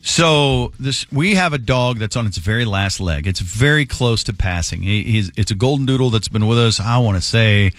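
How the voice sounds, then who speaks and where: A man hosting a radio show, telling stories in casual, animated chat at a studio microphone. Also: fairly low pitch, normal speed, hardly any pauses, no echo. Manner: animated storytelling.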